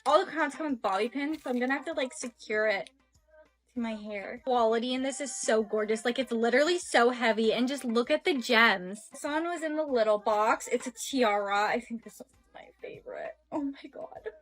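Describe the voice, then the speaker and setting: A high-pitched young woman gushes over products in a casual showcase. Her talk is chatty and quick to praise, with light music faintly behind her. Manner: chatty, gushing. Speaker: content creator.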